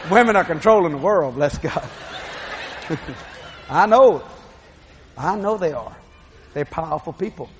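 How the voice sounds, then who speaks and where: An older man preaching a sermon, animated, shouting and laughing as he acts out scenes. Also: fairly high pitch, slight background noise.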